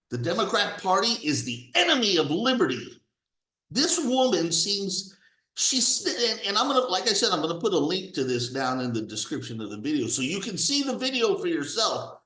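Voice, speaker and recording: A man rants with a raised, lively voice that swings up and down as he hammers his points. He talks angrily and swears freely. The sound bounces around an echoey room. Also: sits high. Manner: angry, profane, emphatic. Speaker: political commentator. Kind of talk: ranting political commentary.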